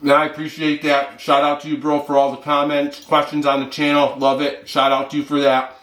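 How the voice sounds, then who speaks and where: A man's voice: on the high side, completely flat delivery, fairly quick, fairly bright tone. Man, fitness vlog host, casual, rambling, mouth full, roomy echo. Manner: rambling, filler-heavy, talks with mouth full. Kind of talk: casual vlog chat while eating.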